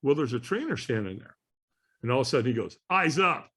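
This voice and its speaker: Animated man telling a story. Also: mid-range voice, fast, slightly rough. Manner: animated, acts out voices in his story. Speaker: podcast guest. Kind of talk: storytelling in a podcast interview.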